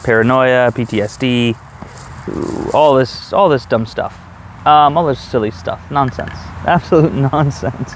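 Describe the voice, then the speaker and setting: A man's voice: a little high, animated, normal speed, a little hiss or hum. A man talking to camera in a casual, reflective monologue, rambling with many restarts and fillers. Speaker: vlogger. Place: outdoors.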